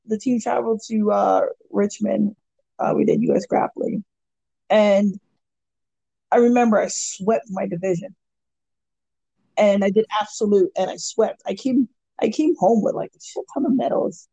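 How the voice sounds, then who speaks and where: A woman chats with a gravelly edge and a dark, husky tone. She tells rambling stories, laughing as she goes, in an easy conversational way. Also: medium pitch, a little slow, pauses often, dry recording. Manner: rambling storyteller who laughs often. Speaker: guest. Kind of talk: casual chat.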